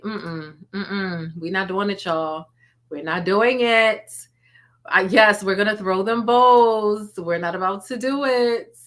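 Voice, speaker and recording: A woman's voice: mid-range voice, fairly bright tone. A woman hosting a casual live stream, chatting and thanking viewers by name, laughing and teasing often. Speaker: YouTube livestream host.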